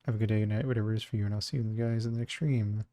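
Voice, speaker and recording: A man's voice: fairly low pitch, level tone, rapid-fire, mellow, dry recording, studio quality. A man streaming and chatting casually, muttering to himself and swearing offhand as he browses.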